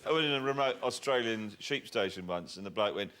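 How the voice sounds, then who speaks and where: A man's voice: lowish voice, lively intonation, fairly quick, a bit bright, smooth. A man on a comedy quiz panel, telling a funny anecdote and quoting people.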